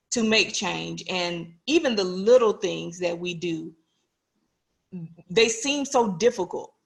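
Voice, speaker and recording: A woman's voice: medium pitch, vocal fry. A woman in her forties, a police officer, giving an earnest, personal talk to an online audience and putting questions to them directly.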